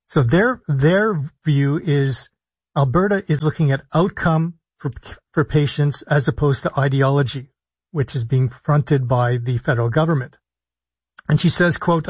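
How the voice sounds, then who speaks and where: Husky radio host, dull lo-fi sound. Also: male voice, on the high side, dry recording. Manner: deliberate, emphatic, lists items one by one. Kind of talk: call-in radio health talk. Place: radio studio. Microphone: studio broadcast mic.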